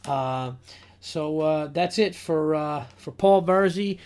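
A man hosting a comedy podcast, ranting in an animated way and repeating himself for emphasis. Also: fairly high pitch, slow pace, clear, resonant tone. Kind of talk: casual comedy podcast chat.

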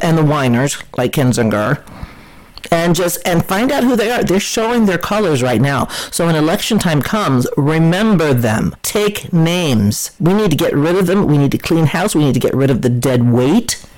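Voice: medium pitch, darkish tone, poor audio. Emphatic, scornful political commentator. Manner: emphatic, scornful, with repeated words and restarts. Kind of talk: opinionated solo commentary.

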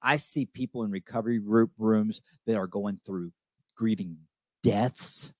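A man's voice: on the low side, measured pace, dry recording. A man hosting a recovery show, speaking with emphatic conviction, repeating key lines and checking in with "okay?". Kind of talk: heartfelt recovery talk.

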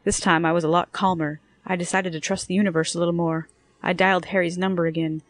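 Expressive woman reading a story. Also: on the low side, quick pace. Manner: lively and expressive, acts out the dialogue. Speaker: narrator. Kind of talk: first-person story reading.

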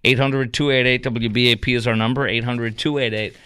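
A man of medium pitch hosts a call-in radio program, speaking a little fast with fairly even intonation. His tone is sharp, clear and resonant, the recording dry, as he talks indignantly and emphatically into the studio mic with frequent fillers.

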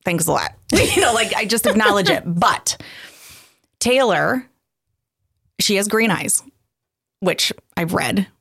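A middle-aged woman co-hosting a podcast, telling stories in a casual, animated way with frequent laughs. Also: medium pitch, slow, vocal fry, pauses often, husky, dry recording, clean studio sound. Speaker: podcast co-host. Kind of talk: casual chat.

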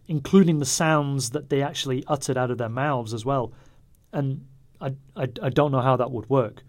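A man giving a casual solo review, rambling and wry, often stopping to correct himself. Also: medium pitch. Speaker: podcast reviewer.

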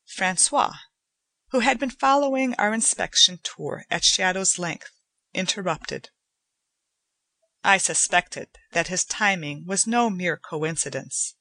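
A woman narrating a short story as an audiobook reader, in an even, unhurried way. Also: fairly low pitch, no echo.

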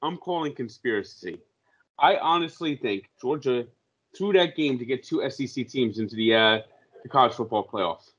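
A man co-hosting a casual sports talk show, ranting and swearing with loud bursts. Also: medium pitch, expressive, moderate pace, husky. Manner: ranting, profane, loud impressions. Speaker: podcast co-host. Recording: dull lo-fi audio.

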